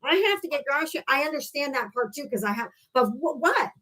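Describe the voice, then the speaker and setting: A woman's voice: high-pitched, animated, quick pace, pushed and bright, low-quality recording. Blunt, casual woman hosting a stream. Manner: casual, blunt, swearing, laughs often. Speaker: livestream host. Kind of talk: casual live talk stream.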